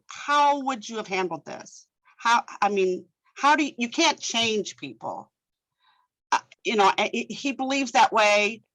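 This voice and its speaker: A woman at a medium pitch tells a frustrating story from her library over a video call. She is animated and exasperated, trips over restarts and repeated words, and leaps into a higher voice to act out what others said. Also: poor audio. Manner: animated, exasperated storytelling that acts out quoted speech. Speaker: library director. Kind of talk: telling a story in a webinar discussion.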